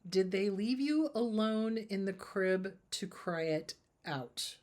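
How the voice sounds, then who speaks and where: A middle-aged woman therapist answering viewer questions in a casual, animated way, acting out the dialogue she quotes. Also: mid-range voice, slow, few pauses. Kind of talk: casual advice talk.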